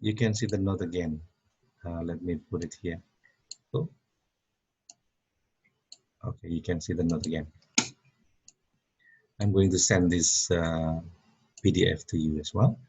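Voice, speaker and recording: A man teaching English grammar in an online lesson, talking slowly with many fillers and repeating words. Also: low voice, fairly even intonation, a little mellow, husky, muffled recording.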